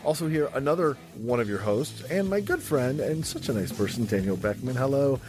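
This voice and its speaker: A man's voice: mid-range voice, expressive, fairly quick, music in the background. A man hosting a comedy podcast in casual chat, tired and jet-lagged, rambling and laughing often. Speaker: podcast host.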